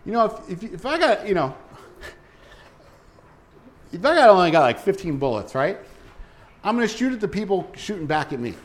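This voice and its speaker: A man's voice: high voice, normal speed, pauses often. A man in his forties from New Jersey preaching a sermon, telling stories with acted-out voices. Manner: animated storytelling with acted-out quotes.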